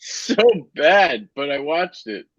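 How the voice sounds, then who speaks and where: A man's voice: fairly high pitch, lively intonation, slow pace, fairly bright tone, dry recording. Male podcast co-host, easygoing and profane, dry muffled home recording. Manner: loose, swearing, joking. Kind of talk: casual podcast chat.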